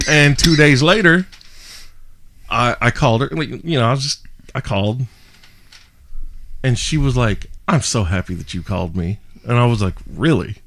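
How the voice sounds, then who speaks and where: A man's voice: medium pitch, expressive, normal speed, long pauses, fairly bright tone. A young man, a podcast host, telling a story animatedly with frequent laughter and self-mocking asides. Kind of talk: casual storytelling.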